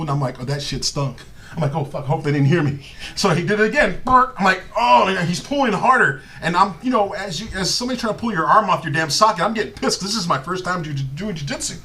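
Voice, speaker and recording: Animated storytelling man, a bit high-pitched. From Southern California. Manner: animated, profane, laughing often. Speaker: host telling stories. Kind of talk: casual comedic storytelling. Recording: live stream with faint ambience.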